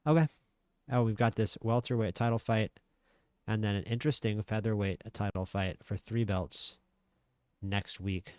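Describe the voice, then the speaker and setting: A man's voice: fairly low pitch, fairly even intonation, moderate pace, darkish tone, clean tone, no room sound. A man giving casual let's-play commentary, thinking aloud with frequent restarts. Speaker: gaming channel host.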